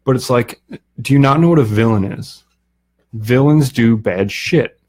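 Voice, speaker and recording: A man talking as a podcast guest, relaxed and opinionated, with many fillers. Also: medium pitch, a little slow. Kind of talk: casual chat.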